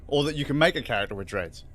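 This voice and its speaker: A man's voice: mid-range voice, lively intonation, fast, a bit bright. A man hosting a livestream in casual, rambling chat, swearing freely and laughing often. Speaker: livestream host.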